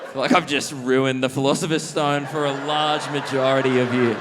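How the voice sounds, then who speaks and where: A man's voice: mid-range voice, background noise. Young man telling stand-up stories. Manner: animated, acts out characters with quick voice shifts. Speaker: stand-up comedian. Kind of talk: stand-up comedy storytelling. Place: large theatre stage.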